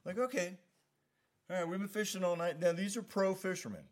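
A man teaching a Bible study in a relaxed, conversational way, often asking "you know what I mean?". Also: sits high, fairly quick. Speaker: pastor.

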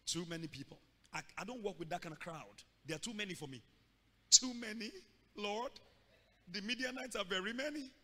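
A male pastor preaching a sermon, acting out scenes and bursting into loud shouts. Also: high-pitched, fairly quick. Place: church hall. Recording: long reverb of a large hall.

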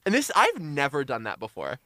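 A man's voice: fairly high pitch, huge pitch swings, fairly quick, bright, forceful tone, no room sound, clean studio sound. A young man co-hosting a casual podcast, rambling playfully with frequent restarts. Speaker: podcast co-host. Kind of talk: casual chat.

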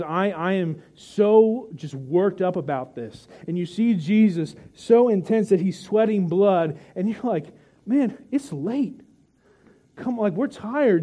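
A man's voice: high voice, warm tone. A man preaching a sermon to his congregation, talking in a conversational, joking way and retelling scripture with vivid storytelling. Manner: vivid storytelling, dramatic pauses. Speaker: pastor.

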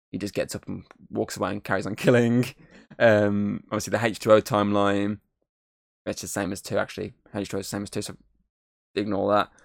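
A man's voice: fairly low pitch, vocal fry, dry recording, clean studio sound. A man giving a casual, rambling film review, swearing freely and humming bits of tunes.

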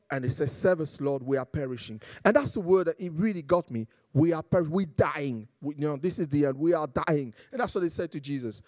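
A man delivering a sermon, talking through the scripture in a relaxed, conversational way before his voice climbs into fervent, emphatic questions. His voice sits a little high but sounds warm and mellow. The recording is dry and close, with no room sound. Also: dry recording. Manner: conversational preaching with rising emphatic passages. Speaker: preacher.

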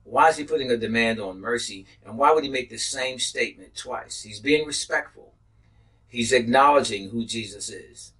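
Husky-voiced preacher repeating scripture. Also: male voice, medium pitch, moderate pace, fairly bright tone, recorded from a distance, poor audio. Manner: reads scripture aloud and repeats key phrases; interjects praise God and glory to God. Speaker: pastor teaching a healing class. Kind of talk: bible teaching sermon.

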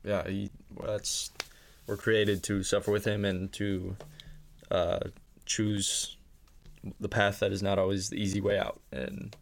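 A man speaks as a guest on a faith podcast. His voice sits low and carries a gravelly fry. He talks in a measured, earnest way. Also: little pitch movement, a little hiss or hum. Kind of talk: casual faith podcast chat.

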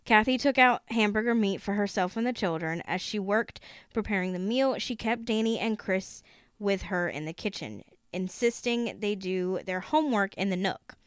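A woman's voice: medium pitch, animated, moderate pace, clean tone, dry recording, studio quality. A woman podcast host reading a book aloud, with the occasional laughing aside.

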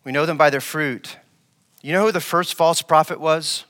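A male pastor delivers a sermon in a bright, slightly high voice. He asks the congregation questions and repeats phrases for emphasis. He swings from loud, raised lines to quiet, low ones. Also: fairly even intonation, moderate pace, long reverb tail. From West Africa.

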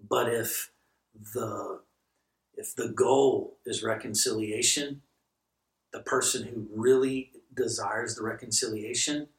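A middle-aged guest pastor tells stories on a podcast, slow and medium-pitched with vocal fry. He's animated, voicing the characters' lines himself. Roomy sound comes from a far-off mic.

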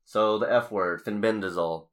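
A young man hosting a casual podcast, talking in a rambling, halting way full of restarts and fillers. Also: lowish voice. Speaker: podcast host.

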